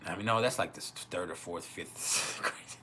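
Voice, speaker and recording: Bright-voiced man telling crude stories. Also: sits low, moderate pace, a little hiss or hum. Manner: crude, laughing often, acts out quoted voices. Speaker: live stream host. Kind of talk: casual storytelling. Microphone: home livestream mic.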